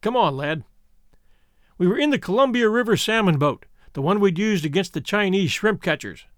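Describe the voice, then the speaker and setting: A man's voice: fairly quick, dry recording, studio quality. A man narrating an adventure story in the first person, reading expressively. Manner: expressive reading with lively pitch. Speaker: audiobook narrator.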